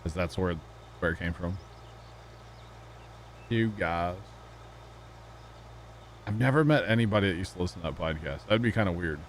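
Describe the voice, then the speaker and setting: A man's voice: sits low, expressive, moderate pace, long pauses, a little hiss or hum. A man hosting a livestream, chatting casually and rambling to his viewers and co-host while playing a game. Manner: rambling, chatty, talks to chat, laughs often. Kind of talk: casual chat while gaming.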